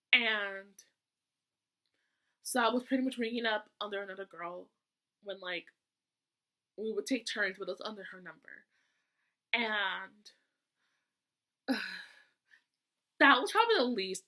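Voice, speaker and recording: A woman's voice: mid-range voice, sharp tone. A young woman and student telling a storytime vlog in a chatty, exasperated way, with sassy asides. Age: young adult. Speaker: vlogger. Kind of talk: casual storytime.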